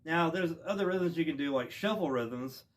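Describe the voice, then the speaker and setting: A man giving a casual instrument lesson outdoors, relaxed and rambling with plenty of ums and restarts. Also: a little high, moderate pace, loud music behind the voice. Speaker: music teacher. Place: outdoors with wind. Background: bowed string instrument playing.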